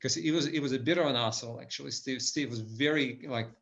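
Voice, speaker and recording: A man's voice: mid-range voice, quick pace, vocal fry, fairly bright tone. Man lecturing business leaders, lo-fi. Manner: enthusiastic, frequent restarts and "right?" tags. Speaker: business speaker.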